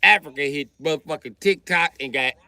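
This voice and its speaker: A man livestreaming a crude comedy rant, loud and mocking, laughing often. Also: on the high side, brisk, no echo.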